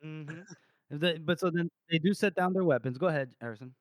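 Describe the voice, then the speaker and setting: A man's voice: fairly high pitch, no room sound, studio quality. A man co-hosting a podcast, retelling book scenes in casual talk, quoting characters and stumbling over restarts. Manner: quotes characters in quick voices, stammers and restarts. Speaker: podcast co-host.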